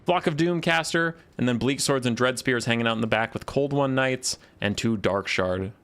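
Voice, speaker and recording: With a clean, fairly bright mid-range voice at a moderate pace, a young man casually comments on a live stream while casting a strategy game. He rambles loosely and sarcastically.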